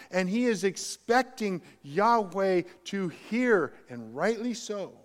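A man preaching a sermon as pastor, emphatic, swinging between quiet and loud passages. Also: sits high, big-room sound.

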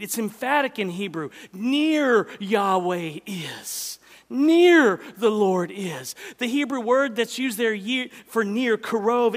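Male pastor, high voice, sermon delivery with big dynamic swings between whispers and emphatic peaks. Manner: swings from loud emphatic preaching to hushed near-whispers.

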